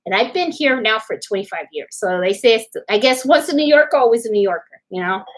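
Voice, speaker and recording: A woman's voice: a little high, lively intonation, a little fast. Chatty New York woman hosting a livestream. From New York City. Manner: chatty, meandering, talking straight to her chat. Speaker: crafting livestream host. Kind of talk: casual live-stream chat with viewers.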